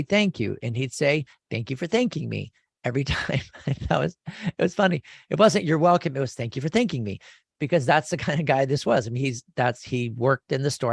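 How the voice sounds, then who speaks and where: A man's voice: medium pitch, no echo, studio quality. A man in his fifties hosting a radio show, talking in a rambling, enthusiastic way with frequent restarts. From California. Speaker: radio show host and lawyer. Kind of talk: casual radio talk.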